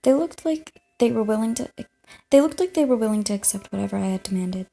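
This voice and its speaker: A woman's voice: fairly high pitch, expressive, fast, creaky, warm tone. A young woman hosting a let's play, reading a visual novel aloud, giggling and tripping over her words while chewing gum.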